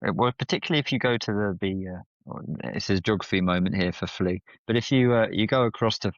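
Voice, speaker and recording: Podcast guest: lowish-voiced man, animated storyteller, slightly muffled, dry sound. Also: fast talker, dry recording. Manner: animated storyteller, playful swings in pitch. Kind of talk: casual chat.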